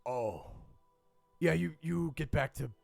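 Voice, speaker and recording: A man doing a gruff wounded adventurer, creaky and lively. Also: on the high side, slow, faint music behind, full character voice. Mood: dismissive.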